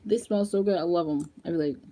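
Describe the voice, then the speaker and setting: A young woman chatting casually in a makeup vlog, animated and laughing often as she talks straight to her viewers. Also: fairly low pitch, quick pace. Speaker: beauty vlogger.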